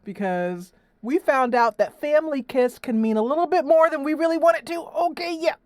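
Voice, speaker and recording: A woman's voice: high voice, normal speed, darkish tone, no echo. A young woman hosting her gaming livestream, chatting casually and laughing often. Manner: chatty and giggly, with frequent laughs. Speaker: gaming channel host.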